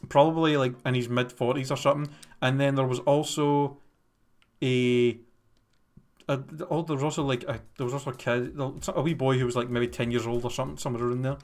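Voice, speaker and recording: A young Scottish man with a somewhat high voice rants through a long everyday story as a streamer, swearing constantly and sounding fed up. Faint game music plays quietly behind him. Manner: swears constantly, exasperated, rambling. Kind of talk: ranting anecdote during a game stream.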